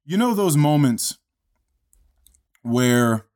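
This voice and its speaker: A man casually telling a long story in a relaxed, profane way, full of fillers like "you know" and "like". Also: a little high, extremely slow.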